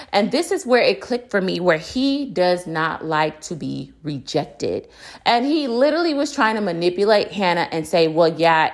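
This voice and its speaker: A woman giving casual, animated commentary on a reality dating show, opinionated and full of slang and emphatic repetition. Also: a little high.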